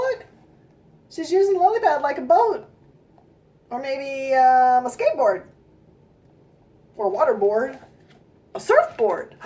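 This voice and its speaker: Animated woman reading a picture book. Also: sits high. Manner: expressive, pauses to ask listeners questions and comment. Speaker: children's storytime reader.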